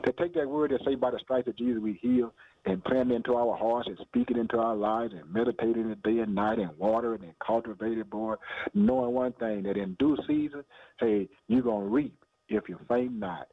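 Delivering a radio sermon a bit quickly in a medium-pitched voice, a preacher throws out rhetorical questions, addresses listeners as "boy" and "man," and slips in laughter and hallelujahs. The audio is echo-free but tinny, like radio over a phone.

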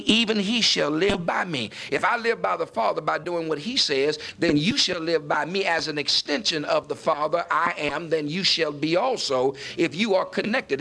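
Male preacher, emphatic sermon delivery, gravelly and a touch high-pitched. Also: pushed and bright. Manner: emphatic, building to raised pitch on key points.

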